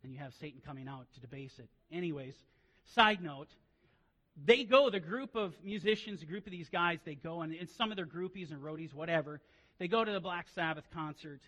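Bright, high-voiced male preacher in a hall. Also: fairly quick. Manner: storytelling that swings from quiet asides to loud, emphatic preaching. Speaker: pastor. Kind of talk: sermon.

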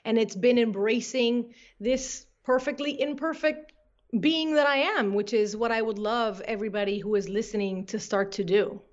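Woman, fairly high voice, earnest and motivational, dull lo-fi audio. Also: moderate pace. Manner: earnest, motivational, speaks with conviction. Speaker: guest. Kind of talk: conversational podcast interview.

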